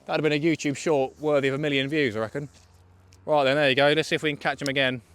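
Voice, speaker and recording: A young man from England livestreams from a riverbank outdoors while fishing, joking with viewers and answering their questions. He talks fast in a steady tone, his voice on the high side, a bit bright, clear and resonant.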